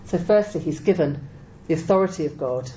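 A woman's voice: low-pitched, lively intonation, fairly quick, mellow. A woman preaching a sermon, teaching measuredly and with emphasis, often quoting scripture. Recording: dull lo-fi recording with faint noise.

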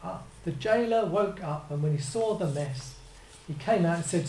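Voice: medium pitch, animated, normal speed, few pauses, warm tone, low-quality recording. Older preacher, rambling sermon. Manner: conversational and digressive, with asides and self-corrections.

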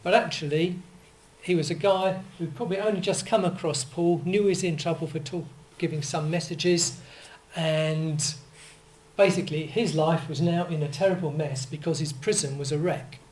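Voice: medium pitch, steady tone, normal speed, a little mellow, rough recording. An older preacher, giving a conversational sermon full of asides and self-corrections.

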